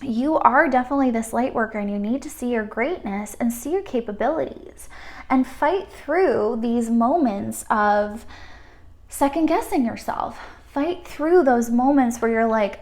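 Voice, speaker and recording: A woman reads cards for her viewers in a fairly high voice. She is gentle and affirming, and her talk is full of loose fillers. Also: expressive, unhurried. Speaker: tarot card reader. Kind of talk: pick-a-card spiritual reading.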